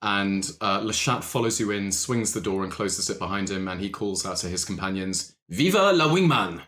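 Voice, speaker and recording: A man narrating as game master of a tabletop game, relaxed and descriptive. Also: sits low, moderate pace.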